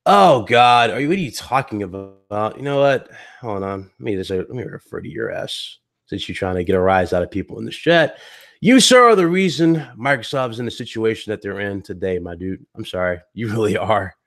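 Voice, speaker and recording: A man's voice: fairly low pitch, very animated, a little fast, fairly bright tone. A male gaming podcast host ranting to his live chat in a heated, blunt and mocking way. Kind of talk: live stream rant to chat.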